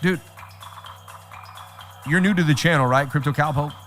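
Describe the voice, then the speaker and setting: A man hosting a live trading stream, talking straight to his chat in an animated, repetitive way. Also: a little high, normal speed, soft background music. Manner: animated, repeats himself, talks straight to chat. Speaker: livestream host. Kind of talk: casual livestream chat.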